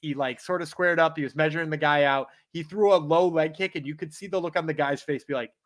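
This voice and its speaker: A man co-hosting a sports betting podcast, his voice a touch higher than most men's. He talks through fight picks in a loose, rambling way, stopping often on fillers as he builds his case. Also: quick pace. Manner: relaxed, rambling with many uh fillers. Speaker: podcast co-host. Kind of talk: casual analysis chat.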